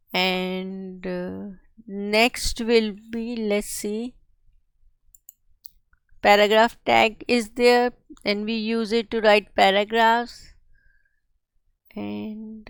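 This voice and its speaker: A woman teaching a coding tutorial, explaining each step slowly and carefully. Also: on the high side, smooth, dry recording. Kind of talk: screen-share coding tutorial.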